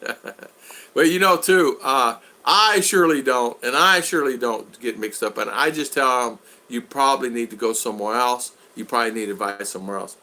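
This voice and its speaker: A man's voice: medium pitch, brisk. An older man hosting a casual video chat, telling stories and acting out exasperated quotes. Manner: animated, acts out exasperated quotes. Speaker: vlog host.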